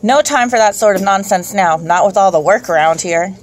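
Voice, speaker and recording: A woman's voice: mid-range voice, fairly quick, natural voice. A brusque, short-tempered older landlady who grumbles and exclaims, as a woman puts her on for an audiobook. She is always busy and impatient with interruptions. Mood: gruff. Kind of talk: audiobook reading.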